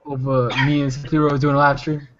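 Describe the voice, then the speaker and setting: A man's voice: a little high, flat delivery, fairly quick. A man teasing the host in a casual group chat, repeating himself over a lagging connection. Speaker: panelist. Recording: muffled lo-fi call audio with crowd noise.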